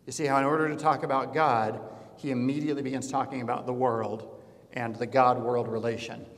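A man teaching a class in a conversational, digressive way, often pausing on fillers. His voice sits at an ordinary middle pitch. A long reverb trails through the lecture hall. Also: fairly even intonation.

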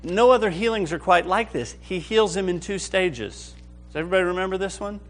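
A man with a slightly raised voice leads a Bible class. He talks with real excitement and keeps checking that everyone is following along. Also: high-pitched, fairly quick, faint music behind. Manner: enthusiastic, keeps checking in with the group. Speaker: Bible study teacher. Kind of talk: lively Bible class lecture.

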